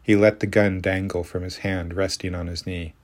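A man narrating a story in a calm, steady reading voice. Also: low voice, normal speed. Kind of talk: audiobook narration.

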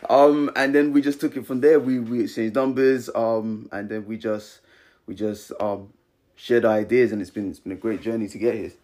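A man's voice: fairly low pitch, moderate pace. A young man in his twenties, a podcast co-host telling a personal story in casual chat, acting out quotes with many fillers. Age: 20s. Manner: animated storyteller, acts out quotes, frequent fillers.

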